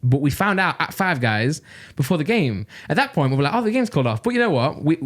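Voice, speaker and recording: A man's voice: on the high side, big pitch swings, brisk, a bit bright. A young man with a Nottingham accent, telling a rambling story on a casual podcast and laughing his way through it. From Nottingham, England. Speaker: podcast co-host.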